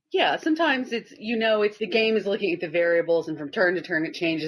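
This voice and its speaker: A woman's voice: on the low side, slightly rough. A woman co-hosting a casual podcast panel, amused and wry. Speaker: podcast co-host.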